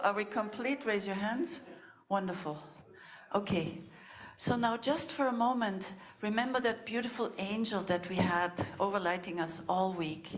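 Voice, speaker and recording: A woman facilitator guiding a group through a circle exercise in a large hall, giving slow, gentle instructions. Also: mid-range voice. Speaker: workshop facilitator.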